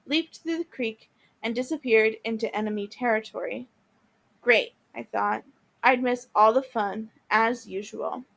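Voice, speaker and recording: A teacher reading a novel aloud to listeners, with small restarts and repeated words along the way. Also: female voice, fairly high pitch, gravelly, a bit bright. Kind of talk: read-aloud storytelling.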